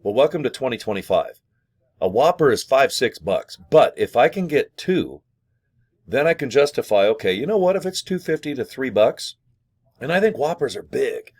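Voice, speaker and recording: A man talking to camera in a jokey, rambling way while pitching an affiliate program from his small home studio. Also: very animated, moderate pace, darkish tone. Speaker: vlogger promoting an affiliate program. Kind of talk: casual rambling sales talk to camera.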